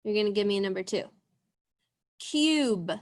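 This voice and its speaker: A young woman teaching a young class over a video call, drawing out sounds slowly and encouraging the children. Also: fairly high pitch, a bit bright. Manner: slow, encouraging, drawn-out sounds. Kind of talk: online class lesson.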